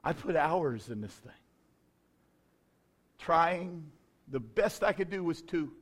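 A middle-aged male pastor telling a self-deprecating story in a sermon, dropping to quiet asides and rising to shouts. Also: fairly high pitch, animated, takes it slowly. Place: church.

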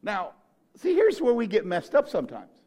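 A male pastor preaching a sermon, telling the story in an animated way that swings from quiet to shouting. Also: sits high, normal speed, slightly rough.

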